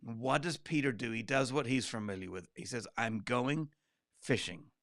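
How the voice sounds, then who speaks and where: A man with a gravelly, creaky voice teaches a Bible study in a relaxed, chatty way. He gets animated and slips in side remarks. The sound is dry and close, with no room echo. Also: mid-range voice, a little fast. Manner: animated, acts out quoted lines with asides.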